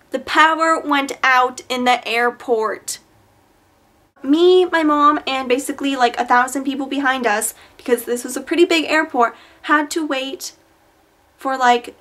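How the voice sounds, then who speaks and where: A young woman with a high, bright voice tells rambling stories straight to camera. She is chatty and dramatic, piling on fillers and asides. It has the casual feel of a camera-mic vlog. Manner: chatty, exaggerated storytelling with many fillers. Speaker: vlogger.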